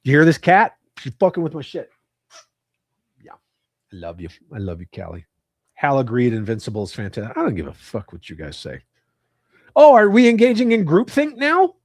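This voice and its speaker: Foul-mouthed guy hosting a live stream from home, pitch jumps all over, dry close sound. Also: no room sound. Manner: profane, joking banter. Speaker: livestream host. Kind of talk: casual chat with live viewers. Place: at home with his cats.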